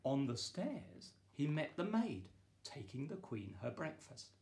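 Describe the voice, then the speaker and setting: A man, the author, reading his children's picture book aloud in a playful, lively way with bursts of excited exclamations. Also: mid-range voice, unhurried. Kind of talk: children's storybook read-aloud.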